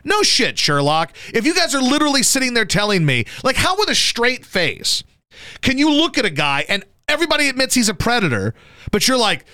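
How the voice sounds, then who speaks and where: A man hosting a radio show, chatting casually about sports in a profane, animated way and jumping into high yelps to mimic people. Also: fairly quick, no room sound, studio quality. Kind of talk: casual sports talk banter.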